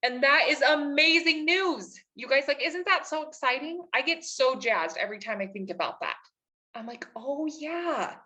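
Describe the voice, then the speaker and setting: A woman's voice: high voice, lively intonation, normal speed, bright, forceful tone. A woman life coach leading a live webinar, upbeat and encouraging, talking in a chatty way with lots of "like" and "right?".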